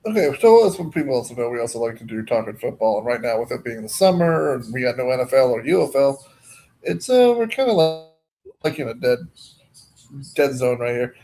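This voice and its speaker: A man co-hosting a live stream in casual chat, talking haltingly with many pauses and restarts. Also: mid-range voice, animated, warm tone.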